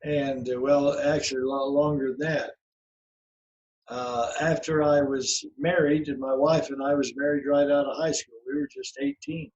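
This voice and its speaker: A man's voice: mid-range voice, moderate pace, a little mellow, highs cut off. A man in his eighties telling a long personal story as a podcast guest, folksy and rambling, with many restarts and fillers. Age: 80s. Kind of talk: storytelling in an interview.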